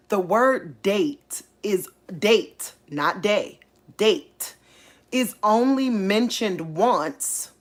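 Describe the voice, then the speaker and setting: A woman, hosting a casual faith channel, talking excitedly and thinking aloud, repeating herself as she works things out. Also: medium pitch. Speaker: online faith channel host. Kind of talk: casual livestream talk.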